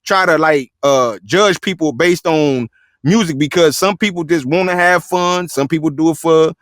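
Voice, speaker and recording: Middle-aged male host, animated and laughing, bright forceful voice, dry close sound. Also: fairly high pitch, normal speed, no room sound. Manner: animated and laughing, fills with "you feel what I'm saying". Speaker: interview host. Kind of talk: casual interview chat.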